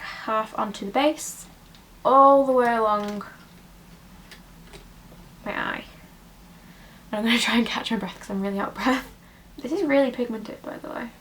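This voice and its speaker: A woman's voice: fairly high pitch, fairly bright tone, a little hiss or hum, rough recording. A woman, chatting her way through a casual makeup tutorial at home in a rambling, talkative way. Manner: chatty and rambling, full of "like" and "you know". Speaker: makeup vlogger.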